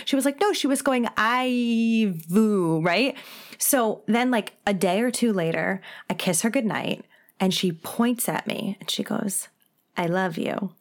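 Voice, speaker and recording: A woman's voice: mid-range voice, normal speed, vocal fry. A woman in her thirties from New Jersey, co-hosting a podcast in casual chat, laughing often and acting out what others said. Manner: chatty, laughs often, acts out quotes. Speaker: podcast co-host.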